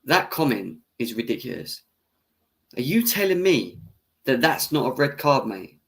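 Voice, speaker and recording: A man's voice: medium pitch, very animated, measured pace, creaky, fairly bright tone. Young man, live-stream football reaction, fiery, swears, argues with chat, mid-range voice. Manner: heated, swearing, arguing with chat; laughs off his own bias. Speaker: football fan channel host.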